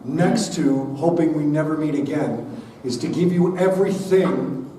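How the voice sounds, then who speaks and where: A man in his forties with a high voice gives a lively keynote talk to parents, pulling the crowd into call-and-response. His voice rings around a roomy hall as if heard from some way off, over a faint murmur of room sound. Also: a little slow, recorded from a distance, a little hiss or hum. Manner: energetic, leads the audience in call-and-response. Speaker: keynote speaker at a school parent night. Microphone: body-worn mic.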